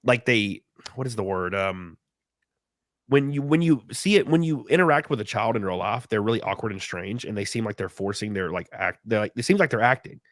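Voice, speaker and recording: A man's voice: on the low side, lively intonation, fairly quick, a bit bright, no room sound. A man with a cold hosting a casual live stream chat, rambling, laughing often and reading out viewer donations. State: sick with a cold. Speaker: stream host.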